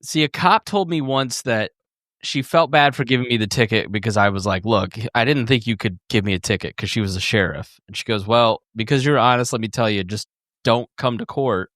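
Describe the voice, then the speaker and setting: A man's voice: mid-range voice, brisk, fairly bright tone, no room sound. Laid-back guy cohost chatting, says like a lot, dry sound. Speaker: podcast co-host. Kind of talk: casual chat.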